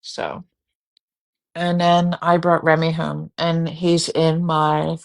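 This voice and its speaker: A woman's voice: deep voice, flat delivery, slow pace, vocal fry. A woman hosting a live stream in casual chat, yawning and rambling, candid and free with swearing. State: sleepy, yawning. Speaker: livestream host.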